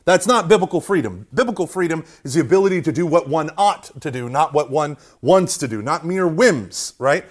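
Man, youth-talk speaker, lively high voice, self-mocking, chatty preaching. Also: normal speed, few pauses. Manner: conversational, keeps asking "right?", self-mocking humor, acts out quotes. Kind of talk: animated preaching talk to an audience.

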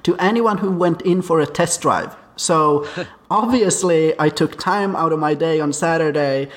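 A man's voice: fairly high pitch, unhurried. A man hosting a podcast, chatting casually and telling stories in a rambling way with many restarts. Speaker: podcast host. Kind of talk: casual chat. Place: Arizona.

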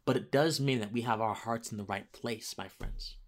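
A man's voice: fairly low pitch, normal speed. A man hosting a casual political monologue, rambling with restarts and rising into emphatic outbursts. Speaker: political commentary host.

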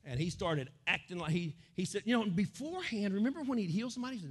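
A middle-aged American man preaching with a high voice that swings widely from low murmurs to soaring cries. He acts out crowds and quotes in sudden loud bursts. He speaks as a pastor giving a sermon. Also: animated, fast, hardly any pauses, breathy edge. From United States.

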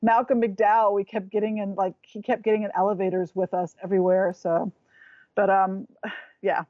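A woman's voice: mid-range voice, flat delivery, moderate pace, dry recording, lo-fi sound. Woman guest chatting away, rambly, very dry close sound. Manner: chatty, rambling, restarts when searching for words. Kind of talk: casual chat.

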